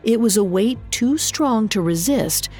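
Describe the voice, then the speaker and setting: Woman, slow and deliberate, steady storytelling narration. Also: on the high side, breathy edge, faint music behind. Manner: measured, even storytelling delivery. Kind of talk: scripted narration.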